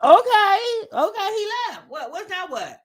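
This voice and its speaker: A woman's voice: very high voice, very animated, unhurried. A woman hosting a livestream, teasing and commenting on a clip with lots of laughter and repeated words. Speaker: livestream host reacting to a clip.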